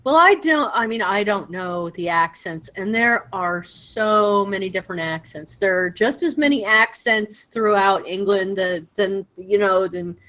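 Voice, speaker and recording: A woman talking through a television drama with a friend on a podcast. She has a mid-range voice and an easy, animated way of retelling scenes, and she often slips into quoted lines. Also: medium pitch, unhurried, few pauses. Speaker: podcast co-host. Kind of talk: casual chat reviewing a TV show.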